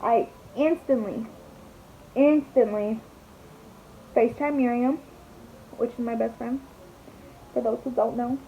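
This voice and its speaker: A woman's voice: a little high, steady tone, slow, creaky, pauses often. A young woman vlogger telling a story in a chatty, dramatic way, swearing and saying "like" a lot while she does her makeup. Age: young adult. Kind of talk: casual storytelling vlog. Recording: slightly dull recording, faint hiss.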